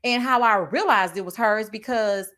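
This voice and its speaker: A woman's voice: fairly high pitch, moderate pace, a bit bright. A woman giving casual, sassy reality-TV gossip commentary and reading out viewer comments, calling her audience child and baby.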